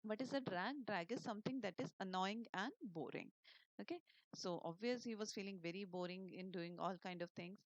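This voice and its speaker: A woman teacher with an Indian English accent, reading a story to an online class and explaining each word slowly, with many fillers and questions to the students. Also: medium pitch, no room sound, highs cut off.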